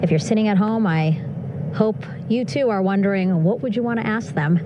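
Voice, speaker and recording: A woman's voice: medium pitch, moderate pace, lo-fi sound, noisy background. Upbeat woman doing live commentary. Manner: warm, upbeat, chuckling often. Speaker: broadcast commentator.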